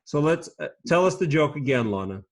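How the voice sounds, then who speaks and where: A man's voice: fairly high pitch, animated. A man patient, encouraging kids' teacher on a video call. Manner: patient, encouraging, speaks slowly and clearly to kids. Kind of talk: teaching a children's class online.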